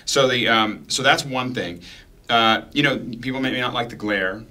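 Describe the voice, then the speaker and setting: A man's voice: mid-range voice, moderate pace, sharp tone. A man co-hosting a tech podcast, talking casually in a rambling way with many restarts and fillers. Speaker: co-host.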